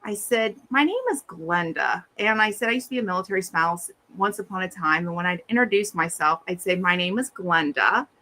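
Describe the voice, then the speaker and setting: Bright, animated middle-aged woman storyteller. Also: lowish voice, brisk, hardly any pauses. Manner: animated, acts out quoted voices. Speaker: podcast co-host. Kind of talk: casual storytelling chat.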